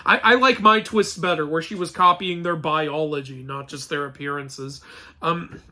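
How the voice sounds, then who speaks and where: A man's voice: fairly high pitch, steady tone, normal speed, bright, forceful tone. A man hosting a casual film review, sarcastic and exasperated, laughing often and restarting his sentences. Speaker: mythology channel host reviewing a film.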